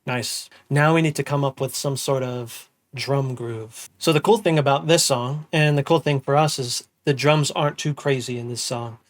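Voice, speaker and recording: A young man giving a casual music production tutorial, humming drum patterns out loud as he works. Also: mid-range voice, normal speed, hardly any pauses. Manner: relaxed, hums and sings drum parts aloud. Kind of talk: casual screen-recorded tutorial.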